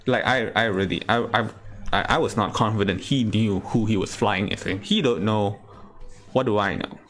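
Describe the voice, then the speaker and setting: Deadpan low-voiced male stand-up comic. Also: moderate pace. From Singapore. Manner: deadpan storytelling with sudden outbursts. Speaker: stand-up comedian. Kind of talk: stand-up comedy set.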